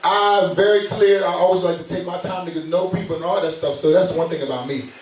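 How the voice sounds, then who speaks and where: A man's voice: sits high, fast talker. Laid-back man talking slang in a roomy room. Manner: relaxed, slangy, often asks "you know what I'm saying?". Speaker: podcast co-host. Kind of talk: casual chat. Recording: roomy sound, mic some distance off.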